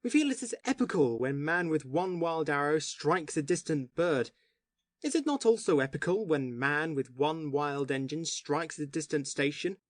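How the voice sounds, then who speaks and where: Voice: medium pitch, no room sound, studio quality. A reader voicing a passionate male poet who argues with fervent oratory, in audiobook dialogue. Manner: impassioned, oratorical arguing.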